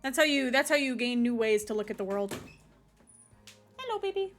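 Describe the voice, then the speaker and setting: A woman's voice: fairly high pitch, fast talker, soft background music. A woman streamer chatting casually over a game and talking to her cat.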